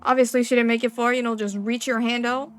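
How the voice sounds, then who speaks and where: A young woman with a slightly high voice plays through a game, reading the on-screen text and lines aloud. She breaks into excitable, profane, slang-heavy reactions between the reading. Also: fast talker. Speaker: gaming streamer.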